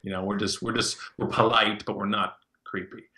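A man, a podcast guest, telling stories in an animated way and often repeating words as he starts his sentences. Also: lowish voice, moderate pace. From Canada. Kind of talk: casual podcast interview.

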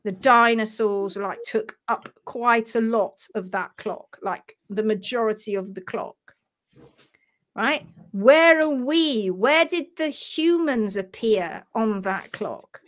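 A woman's voice: mid-range voice, takes it slowly, a bit bright. An English woman hosting a live stream, talking in a passionate, emphatic way. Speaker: host.

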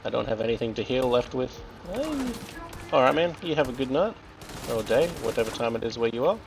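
A man's voice: mid-range voice, quick pace, creaky, over music, low-quality recording. A man with an Australian accent chatting casually and joking while he plays and comments on a shooter game. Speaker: streamer. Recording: game gunfire and explosions loud behind voice.

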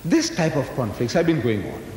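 Lively older man lecturing in an echoing hall. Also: normal speed. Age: 70s. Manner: storytelling, rhetorical questions, emphatic. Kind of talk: public lecture to an audience. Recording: echoey hall recording, faint rumble.

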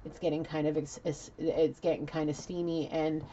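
Low-voiced, chatty woman doing a reading. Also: moderate pace, dull audio, a little hiss or hum. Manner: animated, chatty storytelling with fillers. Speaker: tarot reader. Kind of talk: casual spiritual reading.

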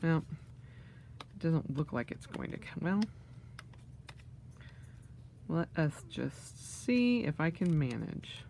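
A woman's voice: sits low, sing-song, slow pace, vocal fry, pauses often, darkish tone, a little hiss or hum. A woman vlogger unboxing things, gushing with gasps and delighted exclamations. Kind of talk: casual unboxing vlog.

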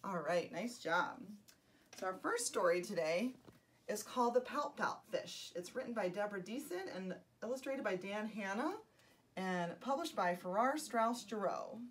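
A woman librarian hosting a children's story time, gentle, soft-spoken and encouraging as she reads aloud. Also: medium pitch, lively intonation, moderate pace, far from the mic.

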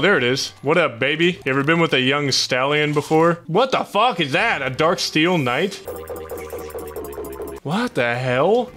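A young man narrating his gameplay with excitable, foul-mouthed energy, trading jokes with himself and yelling at the game. His voice is bright and forceful and sits a little high for a man. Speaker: gaming YouTuber. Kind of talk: Let's Play commentary.

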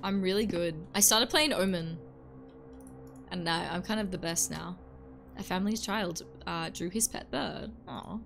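A woman's voice: on the low side, a little slow, gravelly, background noise. A woman chatting casually on a live stream while playing a game, joking and greeting her chat between yawns.

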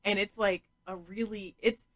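A woman's voice: mid-range voice, steady tone, normal speed, fairly bright tone, low-quality recording. A woman hosting a casual podcast, chatty and frank, laughing often and swearing freely. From New England. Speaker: podcast host.

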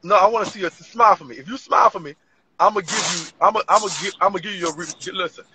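A man in a live-stream roast battle, brash and profane, shouting insults. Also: high-pitched, quick pace, background noise.

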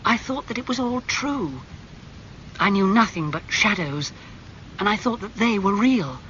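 A man's voice: animated, brisk, pushed and bright. A man reading aloud, voicing a young woman actress who is loving and pleading in a storybook. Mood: earnest. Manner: high, pleading, emotional delivery. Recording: slightly muffled with faint hum.

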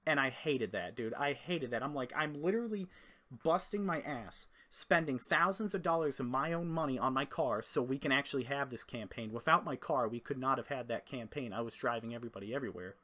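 A man's voice: mid-range voice, a little fast. A young man telling a rambling, profane story in a casual monologue, acting out quoted lines as he goes. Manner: rambling, profane, animated retelling with quoted voices. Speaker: storyteller vlogger.

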